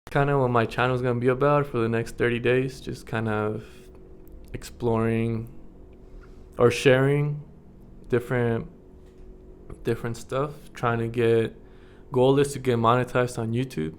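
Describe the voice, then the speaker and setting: Speaking to the camera in a meandering vlog, a young man from the US keeps a steady tone and measured pace at medium pitch. He chuckles often and leans on lots of fillers, with a faint hiss or hum in the background.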